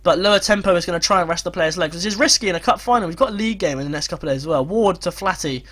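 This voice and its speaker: A young man commentating on his own football management game, shifting from calm planning to frantic, shouted play-by-play. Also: high-pitched, very fast. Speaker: gaming YouTuber.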